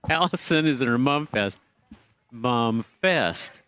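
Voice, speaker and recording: A man's voice: medium pitch, animated, slow, fairly bright tone, clean tone, no echo. Teasing male radio garden-show host. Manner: teasing, quizzes his co-host. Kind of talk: casual radio chat. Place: radio studio. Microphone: studio microphone.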